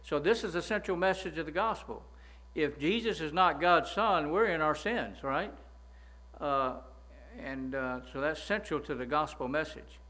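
A man's voice: on the high side, normal speed, bright, forceful tone. A man preaching a sermon, emphatic, often stopping to ask his listeners "right?" and repeating words as he goes.

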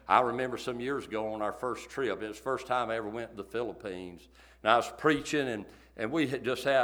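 A man's voice: medium pitch, fairly bright tone. A man preaching a sermon, telling a story in a folksy, emphatic way and repeating himself. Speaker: pastor.

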